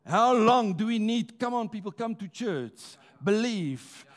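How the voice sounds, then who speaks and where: High-voiced preacher. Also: male voice, expressive. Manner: rousing call-and-response preaching, slows for emphasis. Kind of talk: sermon. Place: church.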